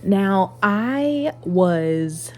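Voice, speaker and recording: A woman's voice: medium pitch, very slow, soft background music. A woman vlogging casually from bed, reading romance passages aloud and reacting with frequent laughter. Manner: animated, laughs often, reads passages aloud. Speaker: book vlogger. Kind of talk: casual reading vlog chat. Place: in bed at home.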